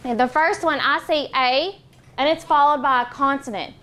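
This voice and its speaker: A young woman teaching a phonics lesson in a classroom, patient and encouraging, sounding out words slowly. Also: high-pitched, fairly bright tone.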